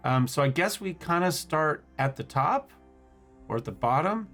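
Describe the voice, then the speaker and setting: A man's voice: on the high side, animated, normal speed, a bit bright, soft background music. Man thinking aloud over a strategy game. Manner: thinks aloud, stumbles over and swaps syllables. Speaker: gaming channel host. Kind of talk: casual let's-play commentary.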